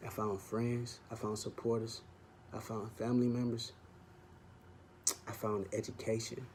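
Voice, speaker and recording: A man's voice: on the low side, level tone, a little slow, darkish tone, a little hiss or hum. A young man hosting his vlog, speaking an earnest personal testimony straight to the camera. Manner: earnest, heartfelt, fond of "man". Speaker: vlog host.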